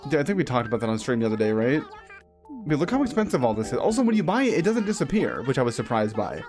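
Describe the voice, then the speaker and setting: Chatty game streamer, mid-pitched. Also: big pitch swings, quick pace, a little mellow, soft background music. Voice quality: rambling, chatty, self-correcting. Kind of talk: casual live-stream commentary over gameplay.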